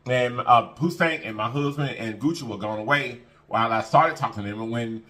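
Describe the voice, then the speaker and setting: A mukbang host talks to camera in a brisk, mid-range male voice with a sharp edge. His casual, heartfelt address turns earnest and a little preachy as he repeats phrases and calls his viewers y'all.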